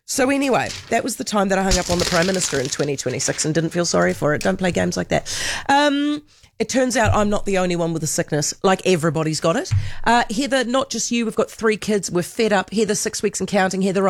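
A New Zealand woman hosting talk radio, telling stories in a chatty, animated way on a studio microphone. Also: on the low side, fast, no room sound. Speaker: radio host. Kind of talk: casual radio chat.

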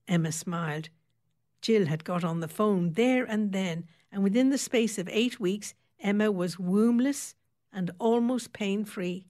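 Woman audiobook narrator, expressive steady reading, lowish voice. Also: a little slow. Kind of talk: scripted narration.

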